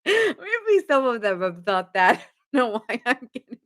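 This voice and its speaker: At a moderate pace and in a sing-song, creaky, medium-pitched voice, a young woman chats through a tarot reading for her viewers. She giggles frequently mid-sentence and fills her talk with words like "like" and "giving."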